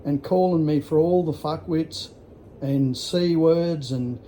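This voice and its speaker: Sixties Australian bloke vlogging, blunt and foul-mouthed, raised pitch with a soft warm tone. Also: male voice, slow, a little hiss or hum. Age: 60s. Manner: rambling, blunt, heavy swearing. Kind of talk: casual storytelling.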